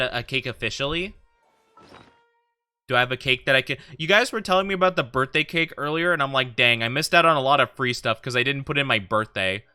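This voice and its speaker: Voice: medium pitch, bright, forceful tone. A VTuber streamer in rambling casual chat with viewers during a game stream.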